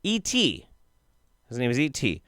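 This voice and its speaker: Male streamer, sarcastic, swearing a lot, lively pitch, smooth clear voice, dry close sound. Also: unhurried, dry recording. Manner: profane, sarcastic, animated. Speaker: streamer reacting to a video. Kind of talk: casual live-stream commentary.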